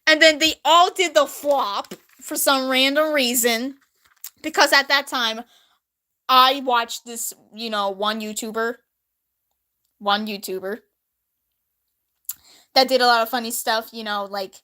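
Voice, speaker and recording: This is a young woman vlogger, her voice a little high, keeping a measured pace broken by long pauses. She reads an old drawing in a casual, storytelling way, chatty, animated and laughing a lot.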